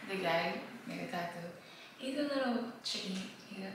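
A woman's voice: mid-range voice, expressive, normal speed, recorded from a distance. A young woman in her twenties chatting casually to camera in a vlog, blunt and rambling, swearing freely and slipping into patois. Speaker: vlogger. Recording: echoey room, voice from off-mic, clear room noise.

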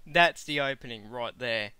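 Slow, lively man on voice chat. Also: mid-range voice. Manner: laid-back, laughing along. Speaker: friend on voice chat. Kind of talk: casual gaming voice chat.

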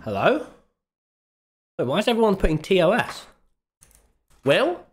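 A young British streamer chatting casually, excitable and bewildered. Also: male voice, sits high, normal speed.

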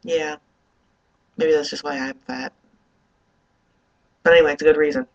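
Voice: medium pitch, level tone, moderate pace, highs cut off. Groggy young vlogger rambling at dawn. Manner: rambling, loose and swearing. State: up early and groggy. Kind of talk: casual video diary.

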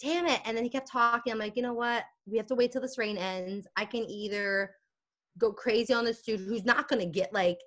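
High-voiced woman telling an animated story. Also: brisk. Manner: animated, acts out quoted dialogue, laughs often. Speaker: podcast guest. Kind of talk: casual storytelling chat.

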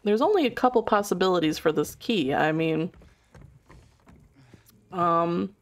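A woman's voice: on the low side, expressive, a little slow. A young woman streaming a video game from home into a desk microphone, chatting with her viewers, laughing easily and swearing casually. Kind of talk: live-stream gameplay commentary.

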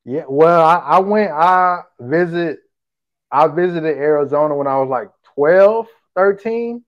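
Man from Texas, podcast guest, laid-back slangy talk, mid pitch, dull lo-fi recording. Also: unhurried. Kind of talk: casual podcast conversation.

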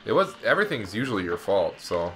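A man's voice: on the low side, big pitch swings, quick pace, background noise. A young man hosting a co-op let's play, joking, laughing and swearing through casual gaming commentary. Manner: profane, laughing, teasing banter.

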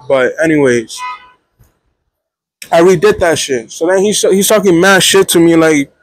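A young man telling a story to camera as a student vlogger, animated and profane, checking in with the viewer constantly. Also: on the high side, moderate pace, no room sound. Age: young adult. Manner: animated, profane, keeps checking in with 'feel me', 'right?'. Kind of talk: casual storytelling vlog.

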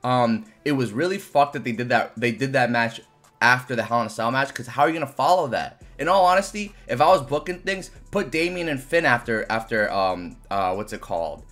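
A man's voice: medium pitch, lively intonation, a little fast, fairly bright tone. A young man giving a casual, frustrated review of a wrestling event, ranting animatedly and swearing often.

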